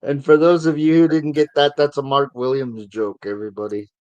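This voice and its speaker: A man's voice: medium pitch, flat delivery, fairly quick, darkish tone, smooth, lo-fi sound. A man hosting a sports talk show in a loose, chatty way, with a mid-range voice. He tosses in sarcastic asides as he wraps things up. The sound is dry and close, with no room echo. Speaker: sports podcast host. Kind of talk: casual sports chat.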